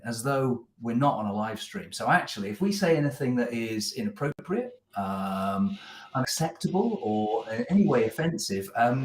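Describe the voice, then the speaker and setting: A man's voice: mid-range voice, reverberant, a little hiss or hum. A man co-hosting a casual business live-stream, chatty and self-deprecating, with a lot of fillers. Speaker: co-host, business coach. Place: office.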